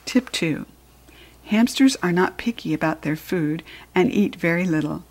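A woman reading a children's storybook aloud in a gentle, expressive way. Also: on the low side, unhurried. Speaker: narrator.

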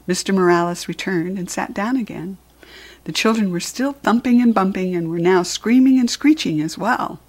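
Expressive female storyteller for a children's book, gravelly husky tone. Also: on the low side. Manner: expressive, playful narration. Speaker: reader. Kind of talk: reading a children's book aloud.

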